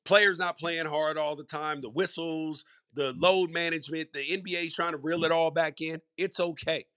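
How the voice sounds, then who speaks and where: Solo on his sports podcast, a middle-aged host comments conversationally and emphatically, repeating words to stress them. His fairly high voice stays fairly even in intonation at a moderate pace, a bit bright and smooth, with clean, echo-free studio sound.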